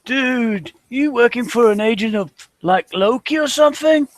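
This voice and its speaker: A man's voice: very high voice, expressive, moderate pace, no echo, voice pushed up. A man voicing a young, easygoing male cult acolyte who hesitates, repeats his words and says "like" a lot. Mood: bemused.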